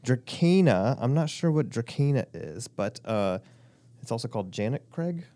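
A man's voice: medium pitch, sing-song, normal speed, dark tone, dry recording. A man co-hosting a podcast, talking casually and hesitantly with many fillers. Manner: hesitant, filler-heavy listing. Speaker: podcast co-host.

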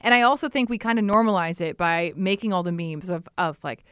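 A woman's voice: fairly low pitch, a little fast, hardly any pauses, smooth, no echo, clean studio sound. A young adult woman co-hosting a podcast, talking openly and animatedly in casual chat. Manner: candid, animated, quotes people in playful voices. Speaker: podcast co-host.

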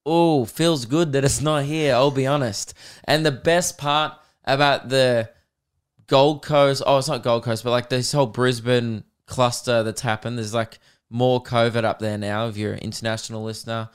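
A man's voice: mid-range voice, fairly even intonation, moderate pace, clean tone. A man in his twenties with an Australian accent, hosting a podcast in a laid-back, self-mocking storytelling way. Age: 20s. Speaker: podcast host. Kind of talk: casual chat.

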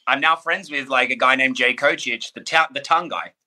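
A man's voice: mid-range voice, a little fast. A man with an Australian accent, chatting as a podcast guest and telling jokey stories. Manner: joking, animated storyteller. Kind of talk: casual chat.

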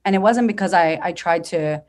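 A woman in her thirties with a slightly low voice tells her story as a podcast guest. She talks bluntly and with plenty of energy, and she swears freely. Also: brisk. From United States. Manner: blunt, profane, energetic and animated. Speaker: business coach guest.

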